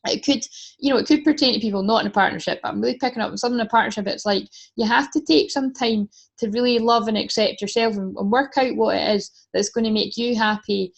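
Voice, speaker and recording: A woman's voice: on the high side, quick pace, gravelly. Chatty woman reading tarot cards. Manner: chatty, swears casually, laughs often. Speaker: tarot reader. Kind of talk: casual spiritual reading.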